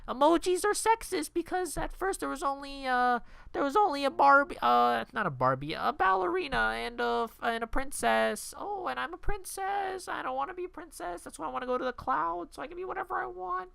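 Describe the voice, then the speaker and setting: A man voicing a whiny, preachy young princess in a high, shrill, drawn-out voice. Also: very animated, vocal fry, bright, forceful tone, dry recording, exaggerated voice. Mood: mocking.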